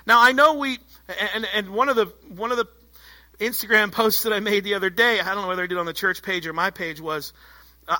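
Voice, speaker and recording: A man preaching a sermon as pastor, animated and conversational, joking with the congregation. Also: high voice, moderate pace.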